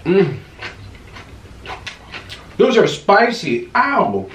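Excitable man chatting while eating. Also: mid-range voice, normal speed. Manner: excitable, gasping and moaning between bites. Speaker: mukbang host. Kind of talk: casual eating vlog chat. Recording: echoey room with faint noise.

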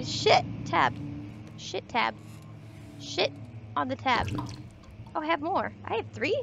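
Jumpy, high-voiced young woman gamer. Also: very animated, slow, vocal fry, pauses often. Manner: jumpy, swears, talks back to the game. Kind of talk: casual gameplay commentary. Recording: noisy recording.

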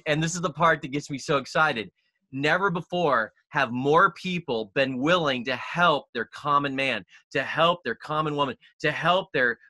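A man's voice: a little high, pushed and bright, dry recording. A man, a guest author on a podcast, talking with energy and emphasis as he tells a personal story. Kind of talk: enthusiastic interview talk.

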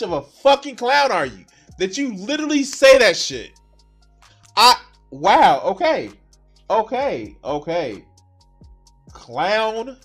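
A man's voice: sits high, very animated, slow pace, pauses often, a bit bright, husky, faint music behind. A male streamer giving live reaction commentary, ranting heatedly and swearing constantly.

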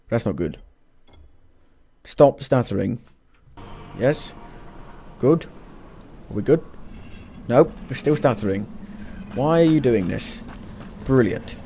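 A man giving gameplay commentary at his home computer, exasperated and swearing, scolding the game out loud. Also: medium pitch, breathy edge. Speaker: let's play gamer.

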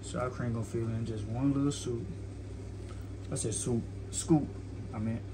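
A man's voice: medium pitch, fairly even intonation, measured pace, background noise. A young man hosting his own casual cooking vlog, laid-back and talking straight to his viewers while he tastes his food. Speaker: cooking vlogger.

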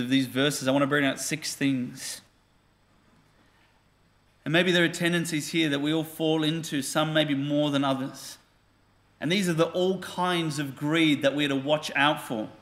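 Male pastor, earnest sermon delivery, bright tone. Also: fairly high pitch. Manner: earnest, asks the congregation questions.

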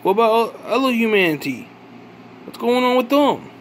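High-voiced man ranting angrily. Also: big pitch swings, a little hiss or hum. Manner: accusatory, profane, halting restarts. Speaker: vlogger. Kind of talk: angry ranting monologue.

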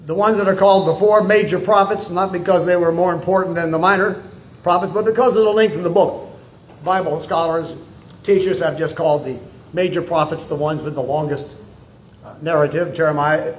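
A high-pitched man preaches in a church that rings with echo. He tells folksy stories in a loose, halting way, then leans into slow, emphatic lines when he makes his point. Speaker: pastor. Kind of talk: sermon. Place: church sanctuary. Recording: echoey church room.

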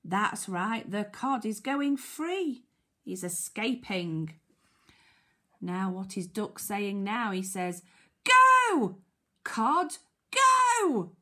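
A woman teacher with a British accent, reading a picture book to young children and sounding out letters. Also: mid-range voice. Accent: British English. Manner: slow, sing-song, sounds out letters, asks children questions. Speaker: primary school teacher.

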